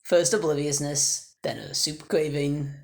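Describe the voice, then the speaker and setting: A man co-hosting a podcast, discussing book chapters in a relaxed, thoughtful, casual way with frequent "like". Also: fairly high pitch, measured pace, vocal fry. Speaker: podcast co-host.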